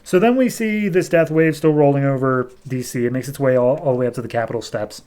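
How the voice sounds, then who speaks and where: A man with an everyday middle-pitched voice hosts a comic book podcast. He retells an issue in relaxed, chatty fashion, slipping into quick offhand voices for the characters as he goes. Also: smooth. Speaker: podcast host. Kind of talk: casual comic book recap.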